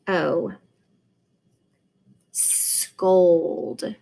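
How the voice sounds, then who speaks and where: A woman teaching a phonics word sort, slowly sounding out vowels and explaining where each word goes. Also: mid-range voice, poor audio. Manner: slow, deliberate, sounds out vowels. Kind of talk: phonics lesson.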